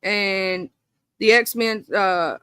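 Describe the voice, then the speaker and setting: A woman's voice: medium pitch, very slow, pushed and bright, clean tone, no room sound, clean studio sound. A woman streaming live, reading a ranked list aloud and breaking into indignant, swearing asides to her viewers. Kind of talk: casual live-stream chat.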